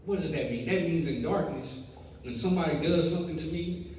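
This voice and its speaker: A young man preaching a sermon, telling a lively story before building to emphatic preaching. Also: on the high side, brisk. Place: church sanctuary. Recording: echoey hall, distant mic, faint noise.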